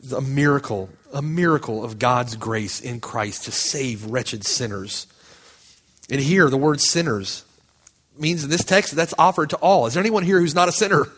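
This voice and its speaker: A man's voice: medium pitch, normal speed, a bit bright. A man preaching a sermon as pastor, speaking with impassioned, building emphasis.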